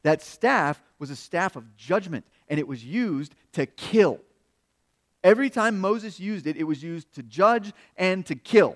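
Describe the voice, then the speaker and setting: A man preaching a sermon, working through a scripture passage, raising his voice to act out quotes and dropping low for key points. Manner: expository preaching, acts out quotes with rising pitch and volume; drops to hushed tones on key points.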